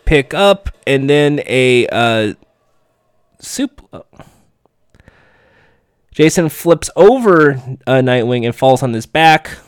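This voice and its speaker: Slow, smooth-voiced sarcastic man. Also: mid-range voice, expressive, no room sound, studio quality. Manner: sarcastic, profane and offhand. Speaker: TV episode recapper. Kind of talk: casual play-by-play recap commentary.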